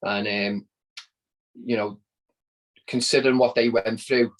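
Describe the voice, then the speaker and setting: A man's voice: lowish voice, steady tone, a little slow, rough recording. Chatty Scouse man telling a story. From Liverpool, England. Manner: chatty, repeats words while telling a story. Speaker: podcast guest. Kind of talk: casual storytelling interview.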